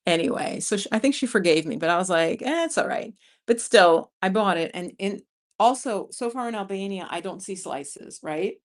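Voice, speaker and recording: Reading viewer comments aloud on her casual livestream, a woman in her 50s from New York City chats and laughs at normal speed in a mid-range voice. She's a vlogger and stream host, captured on a streaming mic, with a chatty, animated storytelling manner full of laughter.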